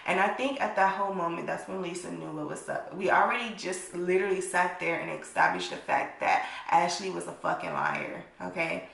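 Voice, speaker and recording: A woman's voice: on the low side, very animated, a little fast, gravelly, few pauses, a bit bright. A young adult woman vlogger telling a blunt, profane storytime and acting out the people in it. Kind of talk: storytime vlog. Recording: echoey room.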